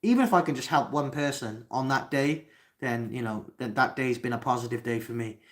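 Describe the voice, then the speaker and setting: A young Welshman with a Cardiff accent hosts a live Q&A, reading chat comments aloud in a brisk, medium-pitched voice. He talks hesitantly, full of ums and restarts.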